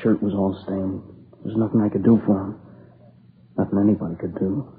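An actor playing a grieving young man who tells, haltingly and in a subdued voice, how his friend was killed, in a radio drama. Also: sits low, flat delivery, close to an everyday voice. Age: young adult. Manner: halting, subdued, plain-spoken. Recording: tinny lo-fi old radio recording with faint hiss.

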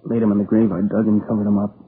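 The robbery and murder witness, a young adult man played by an actor, sounds grieving, worn out and on the edge of tears. His halting, lowish, flat delivery stays close to an everyday voice. It's a 1950s radio crime drama with a tinny old broadcast sound and faint hiss.

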